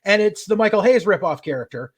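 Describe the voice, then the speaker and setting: A man co-hosting a podcast, recapping a show in a profane, animated rant. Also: high-pitched, fast talker, slightly rough. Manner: profane, animated retelling with acted-out quotes. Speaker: podcast co-host.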